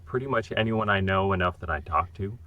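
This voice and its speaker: A man's voice: low-pitched, fairly quick, dull audio. A man, a voice actor guest on a podcast, answering in a modest, earnest way. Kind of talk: interview answers.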